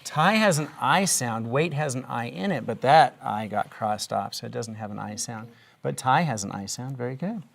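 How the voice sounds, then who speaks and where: A man's voice: medium pitch, animated, moderate pace, vocal fry, a bit bright. A man teaching a reading lesson in a classroom, asking young pupils patient, encouraging questions.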